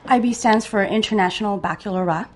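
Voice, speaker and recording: A woman from Canada, a parent guest, telling her story in measured detail in conversation. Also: mid-range voice, a little hiss or hum.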